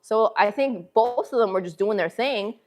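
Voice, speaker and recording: A woman with a slightly high, darkish voice talks at normal speed while hosting a casual livestream from a gym, recorded on a phone camera. She's from the northern United States, has a northern city accent, and chats with her viewers in a slangy, easygoing way.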